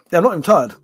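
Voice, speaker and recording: A man rambles through a casual livestream chat, reading out viewer comments. His voice sits a little high for a man, and his talk is loose and sweary, peppered with laughs and yawns, a touch short of breath. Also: fairly bright tone, husky. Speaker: live stream host.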